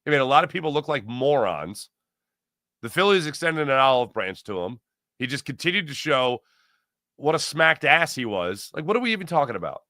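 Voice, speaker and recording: A man hosting a live sports stream, chatting casually, reading viewer comments aloud and doing quick ad reads. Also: medium pitch, sing-song, sharp tone, no echo, studio quality. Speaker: sports show host.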